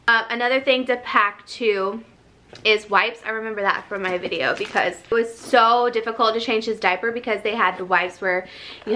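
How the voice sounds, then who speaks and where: A woman's voice: mid-range voice, bright, forceful tone. A young adult woman vlogging in a casual, chatty way, out of breath, laughing often and filling her talk with "like" and "um". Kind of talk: casual vlog chat.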